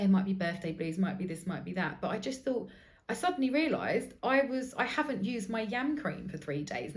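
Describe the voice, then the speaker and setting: A woman's voice: mid-range voice, darkish tone. A woman in her forties hosting a candid solo podcast, telling stories bluntly and emotionally with plenty of swearing. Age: 40s. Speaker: podcast host.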